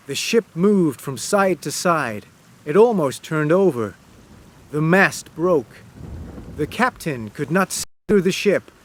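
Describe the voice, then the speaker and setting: Slow, expressive male storyteller. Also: fairly high pitch. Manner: slow, deliberate, expressive reading. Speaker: narrator. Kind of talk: storybook narration read aloud.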